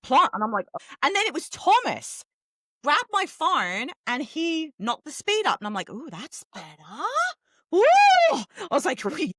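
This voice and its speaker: A middle-aged woman from England, co-hosting a podcast in casual chat, talking fast and swearing freely. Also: high voice, big pitch swings, fairly bright tone, no echo. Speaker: podcast co-host.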